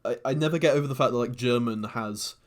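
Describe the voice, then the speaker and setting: A man's voice: medium pitch, fast. A man co-hosting a podcast, rambling casually with lots of fillers and swearing. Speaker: podcast co-host. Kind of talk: casual chat.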